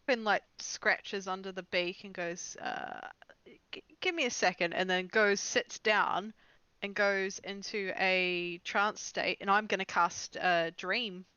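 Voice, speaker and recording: A woman's voice: medium pitch, steady tone, slow pace, sharp tone, clean tone, no echo, muffled recording. A woman playing a tabletop game, speaking casually with hesitations. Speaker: player.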